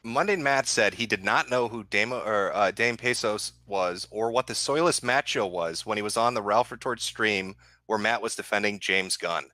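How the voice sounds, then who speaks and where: A man's voice: fairly low pitch, moderate pace, few pauses, pushed and bright, no room sound. A man hosting a live stream, grilling a guest in a sarcastic, mocking and profane way. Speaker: stream host. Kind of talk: confrontational live-stream talk.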